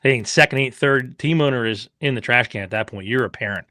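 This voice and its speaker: Animated, swearing man telling stories. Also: medium pitch, quick pace, no room sound, clean studio sound. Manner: animated storyteller, acts out quotes, swears freely. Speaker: racing team owner and father of a rider. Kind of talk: casual podcast chat.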